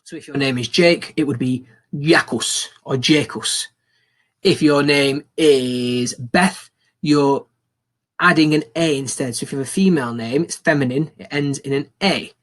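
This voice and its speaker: A man's voice: mid-range voice, unhurried, a bit bright. A young man teaching a recorded school lesson, upbeat and encouraging, repeating phrases for learners to copy.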